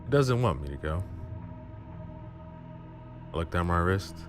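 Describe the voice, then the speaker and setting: Brief: a deep-voiced man narrating a story dramatically over a music bed. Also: lively intonation, a little slow. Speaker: storyteller, channel host. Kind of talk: first-person story narration.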